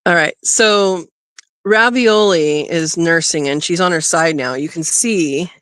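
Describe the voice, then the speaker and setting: Woman, unhurried homestead live-stream chat, coos at her rabbit, dry close sound. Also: on the low side, a bit bright, dry recording. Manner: coos and talks to her rabbit, laughs often. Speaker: homesteading livestream host. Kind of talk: casual live-stream commentary. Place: outdoors by a rabbit hutch. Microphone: phone.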